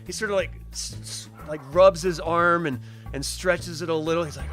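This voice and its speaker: A man's voice: fairly high pitch, normal speed, few pauses, faint music behind. A man running a tabletop game as game master, narrating scenes and laughing often. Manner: laughs often, animated character voices.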